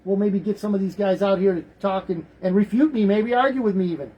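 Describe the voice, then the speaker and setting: A man's voice: high voice, fast talker, slightly rough, dull audio. A man hosting a talk radio show, rambling through the news in casual commentary, often repeating words.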